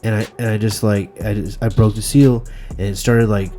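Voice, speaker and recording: A man's voice: fairly low pitch, steady tone, normal speed, warm tone, faint music behind. A man telling a comic story in a loose, profane, rambling way, full of fillers and restarts. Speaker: podcast host.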